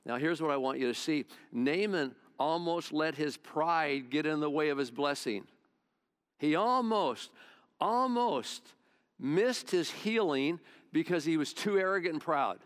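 A male pastor delivers a sermon with folksy, conversational storytelling. His voice sits a little higher than most men's, and he drifts casually between scripture and his own asides. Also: moderate pace.

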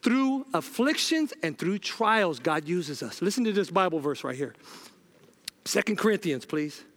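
A man's voice: high-pitched, very animated, measured pace, a bit bright. A man preaching a sermon, urgently repeating "listen" to the congregation and telling personal stories with acted-out dialogue.

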